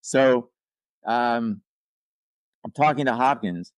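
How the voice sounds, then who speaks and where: A man's voice: medium pitch, takes it slowly, no echo. An older man, a podcast guest and actor-writer, telling a rambling anecdote casually, with asides and restarts. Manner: acts out quoted people in livelier voices.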